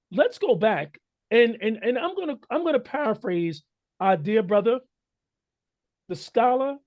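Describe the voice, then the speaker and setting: High-voiced man lecturing on radio. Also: darkish tone. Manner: lecturing, builds points with statistics. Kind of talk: talk radio discussion.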